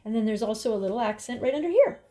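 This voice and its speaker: A woman's voice: on the high side, lively intonation, racing, warm tone. Upbeat woman teaching a drawing lesson. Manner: upbeat, encouraging, talks while drawing. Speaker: art teacher.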